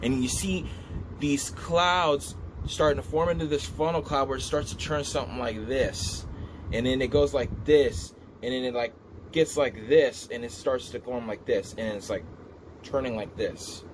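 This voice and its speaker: A man telling a vivid dream story in a casual, animated way, repeating himself as he describes what he saw. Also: mid-range voice, moderate pace, background noise. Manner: animated, repetitive, gestures while describing. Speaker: vlogger recounting a dream.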